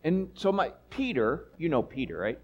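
An awed apostle retells, in first person, a miracle he saw with his own eyes, as a man acts him out. The voice sits a little high for a man and swings widely in pitch. He talks to his listeners in a lively, chatty way and turns to them with asides. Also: moderate pace, breathy edge, muffled recording, full character voice. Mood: storytelling. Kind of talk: first-person dramatic monologue.

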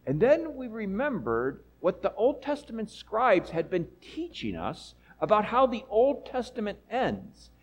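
A man playing an apostle who retells a miracle he witnessed in a first-person dramatic monologue, lively and chatty with asides to his listeners. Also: high voice, a little slow, few pauses, exaggerated voice, poor audio. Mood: storytelling.

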